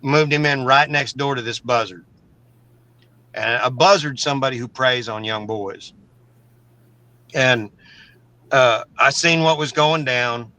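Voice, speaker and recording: A man's voice: mid-range voice, a little slow, pauses often, bright, forceful tone, no room sound, poor audio. A middle-aged man from Oklahoma, a guest telling a story in a casual, blunt, profane way, often stumbling and repeating words. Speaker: interview guest.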